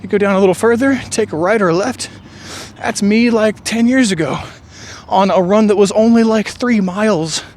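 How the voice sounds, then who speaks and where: A male vlogger with a high voice and a darkish tone rambles while running on an outdoor trail in the rain. His monologue is winded, musing, and jokey, punctuated by drawn-out sighs, with faint rain hiss in the background.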